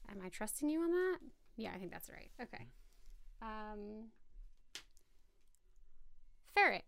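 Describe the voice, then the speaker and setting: A woman's voice: mid-range voice, big pitch swings, measured pace, a bit bright, dry recording. A woman hosting a podcast, playing a word game in casual chat, flustered, giggly and rambling. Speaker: podcast host.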